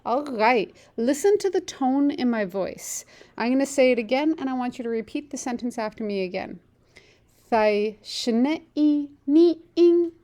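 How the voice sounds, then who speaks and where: A woman teaching a language lesson, saying model phrases slowly and clearly for learners to repeat, then explaining more quickly. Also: on the high side, expressive, darkish tone.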